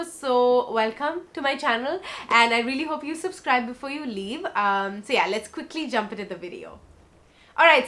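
A young woman records a casual makeup tutorial vlog, speaking straight to her viewers. Her voice sits a little high, and she talks in a bubbly, chatty way. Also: sharp tone. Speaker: beauty vlogger.

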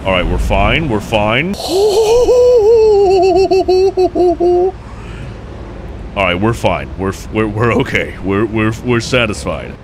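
A young man giving jokey, excitable let's play commentary as he plays, cheering on his fish and breaking into shouts. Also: fairly low pitch, normal speed, few pauses, slight background noise. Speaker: gameplay commentator.

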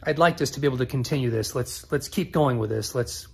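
A middle-aged man casually telling a story to camera, acting out both sides of a phone call in an animated way. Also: mid-range voice, fast, vocal fry, husky. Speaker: car-build vlogger.

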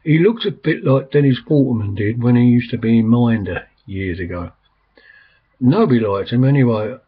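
Rambling older Englishman, husky voice. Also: mid-range voice, expressive, normal speed. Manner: meandering, many ums and restarts. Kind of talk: rambling casual monologue. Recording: slightly dull, lo-fi recording.

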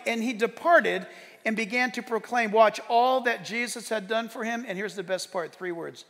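Male pastor, high and gravelly, lively conversational sermon with sudden shouts; long church-hall reverb. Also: normal speed. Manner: animated, conversational storytelling with bursts of shouting. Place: church sanctuary.

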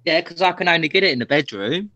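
A man's voice: fairly high pitch, animated, quick pace, pushed and bright, no echo, highs cut off. A man joining a casual livestream chat, agreeable and chatty. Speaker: livestream guest.

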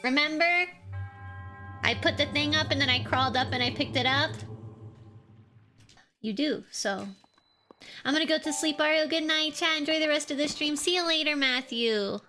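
A young woman streaming a video game, chatting casually with lively outbursts, yelps and mock threats. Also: high-pitched, moderate pace, pauses often. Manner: excitable, yelps and playful threats. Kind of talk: casual gameplay commentary. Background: game music.

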